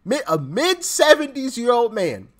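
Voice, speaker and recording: A woman reacting to a clip in casual commentary, with a fairly high voice that swoops up and down. She jokes, sounds incredulous, and breaks into laughter again and again. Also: huge pitch swings, a little slow. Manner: laughs a lot, joking and incredulous.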